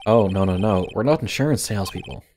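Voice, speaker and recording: A man's voice: on the low side, expressive, fast, a little mellow, a little hiss or hum, lightly acted. A man reading an earnest young male defense lawyer's lines in a game, patient and plain.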